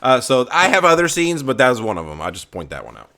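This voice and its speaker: Lively man recapping movie scenes. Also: medium pitch, fast. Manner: excited, laughing, swears, acts out quotes. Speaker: podcast co-host. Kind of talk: casual movie review chat.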